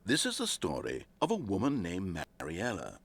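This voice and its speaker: A man's voice: low-pitched, wildly swooping pitch, moderate pace, vocal fry, a bit bright, husky, no room sound, full character voice. A man narrating a video game story in a dry, wry, scripted manner.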